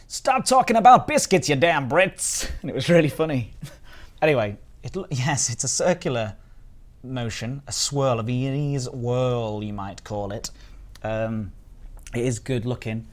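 A man's voice: mid-range voice, darkish tone. A man from the United Kingdom chatting casually on a live stream as he reviews biscuits and reads out the chat.

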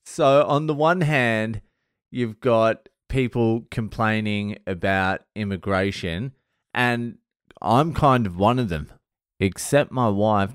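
A man's voice: medium pitch, takes it slowly, clear, resonant tone, no echo, clean studio sound. A middle-aged Australian man telling a rambling story in a casual monologue vlog, blunt and full of swearing. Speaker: vlogger.

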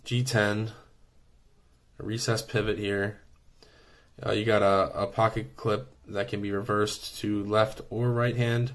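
A man giving an enthusiastic, rambling review while unboxing a subscription knife, with many fillers and restarts. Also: lowish voice.

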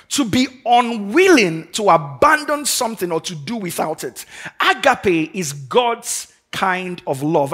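A pastor in full sermon mode, his voice sitting high and ringing bright with a husky edge. He preaches emphatically to a live congregation, drives points home with fervour and calls on them to repeat after him. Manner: emphatic, building to fervent declarations; leads the congregation in call and response. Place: church service before a congregation.

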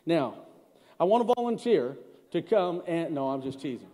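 Emphatic high-voiced pastor in reverberant church. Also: male voice, sing-song. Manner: call-and-response with the congregation; swings from loud emphatic lines to low slow ones. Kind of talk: sermon. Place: large church hall. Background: congregation.

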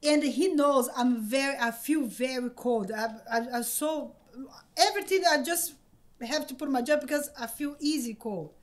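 Excited high-voiced woman. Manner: excited, laughing, halting with many repeated words. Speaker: podcast guest. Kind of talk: casual storytelling. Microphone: podcast microphone.

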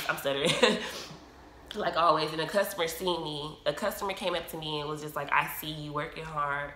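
A woman's voice: deep voice, fairly quick, pushed and bright, roomy sound, a little hiss or hum. A woman telling a storytime in casual vlog talk, tearful and a little choked up, with many fillers. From United States. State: teary with a frog in her throat. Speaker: vlogger.

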